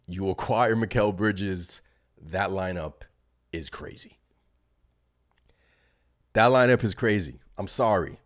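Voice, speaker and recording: Male fan-channel host, very low voice, excitable and rambling, live reaction stream. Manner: excited, rambling, thinks aloud.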